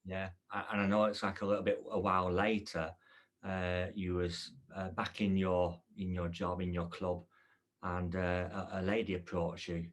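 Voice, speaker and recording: A male podcast host with a very low voice that stays flat and even. He prompts his guest softly and hesitantly, leaning on fillers between his words. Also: moderate pace. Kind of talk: casual interview chat.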